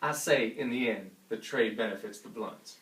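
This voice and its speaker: A man's voice: medium pitch, moderate pace, fairly bright tone. A man co-hosting a comedy sports show, giving cocky, crude analysis. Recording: roomy sound from a distance.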